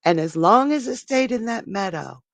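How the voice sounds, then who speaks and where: A storyteller on a live stream, narrating a myth dramatically, with pauses and restarts. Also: mid-range voice, animated, a bit bright, no room sound.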